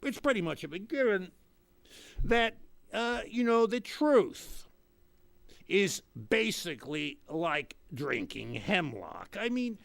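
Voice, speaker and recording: A man's voice: high-pitched, big pitch swings, slow, creaky, fairly bright tone, heavily acted. A man playing a pompous older retired politician who rambles and mocks the voices of others in a comic monologue. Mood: rambling. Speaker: comic character host.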